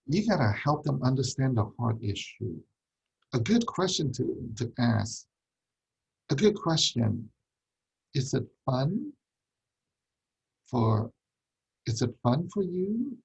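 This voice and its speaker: Lively, gravelly-voiced man teaching. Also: mid-range voice, lo-fi sound. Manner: emphatic, repeats key points, asks rhetorical questions. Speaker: ministry teacher. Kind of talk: teaching talk on parenting.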